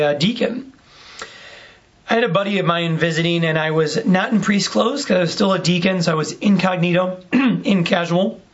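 A male priest gives a homily in a relaxed, conversational way, telling a story and acting out both sides of the dialogue. The recording sounds slightly muffled and lo-fi. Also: high-pitched.

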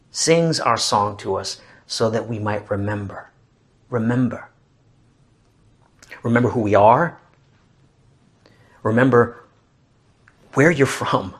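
A man giving a sermon in an expressive way, often dropping to a soft hush and repeating phrases as he speaks. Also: medium pitch. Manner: expressive, varies loudness, drops to soft hushed asides. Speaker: preacher.

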